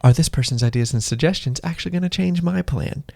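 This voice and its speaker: A man's voice: a little high, fast, creaky, warm tone. A man co-hosting a podcast, chatting casually and rambling, sometimes acting out short dialogues to make a point. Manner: rambling, offhand, acts out little dialogues. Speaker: podcast co-host. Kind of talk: casual advice chat.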